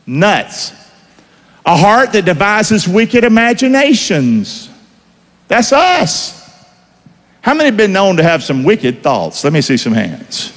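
A man's voice: high-pitched, very animated, slow pace, a bit bright. A man preaching a sermon, emphatic, with call-and-response questions to the congregation. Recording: long hall reverb.

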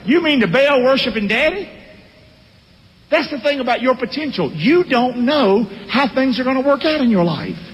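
Animated preacher in an echoing hall. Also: male voice, very high voice. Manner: animated, calls for responses from the congregation. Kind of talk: sermon. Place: church sanctuary. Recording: long reverb of a large hall.

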